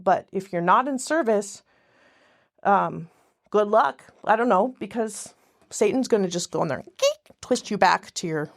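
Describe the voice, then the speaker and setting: A woman's voice: medium pitch, expressive, unhurried, gravelly. A woman guest in casual podcast conversation, talking in a rambling way that often breaks off and restarts mid-sentence. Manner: rambling, self-interrupting, frequent restarts.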